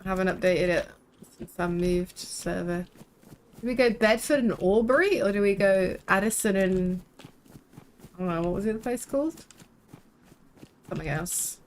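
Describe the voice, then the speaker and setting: A woman's voice: medium pitch, moderate pace, pauses often, slight background noise, low-quality recording. Chatty young woman streamer. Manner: chatty, rambling, swears casually. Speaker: game streamer. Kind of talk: casual chat while live-streaming a game.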